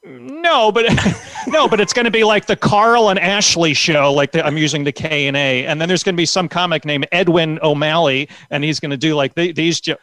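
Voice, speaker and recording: Man, comedian guest, slightly high voice, rambling, animated, dry sound. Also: normal speed, dry recording. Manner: rambling, animated, full of restarts. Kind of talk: casual podcast interview.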